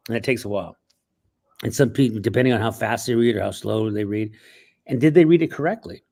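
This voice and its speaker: A male writer and actor telling stories in an interview, animated and acting out bits along the way. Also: mid-range voice. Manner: animated, acts out voices, frequent restarts. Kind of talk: interview storytelling.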